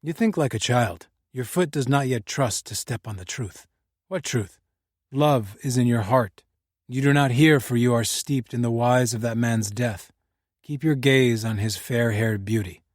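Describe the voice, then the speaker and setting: A man's voice: medium pitch, measured pace, dry recording, studio quality, lightly acted. A man voicing an enigmatic older friend who speaks in solemn, formal riddles.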